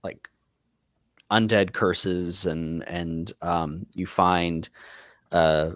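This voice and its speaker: A man narrating as game master for a tabletop game, unhurried and full of fillers. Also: deep voice, fairly even intonation, fairly bright tone, dry recording.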